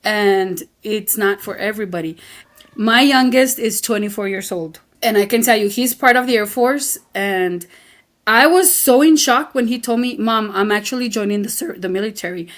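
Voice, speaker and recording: A woman's voice: mid-range voice, moderate pace. A woman in her fifties from El Paso, Texas, talking as a podcast guest, frank and emphatic, acting out quotes, laughing often and slipping into Spanish phrases. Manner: animated storyteller who acts out quotes and laughs often. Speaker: podcast guest, community founder. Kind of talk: casual conversation, switching into Spanish phrases.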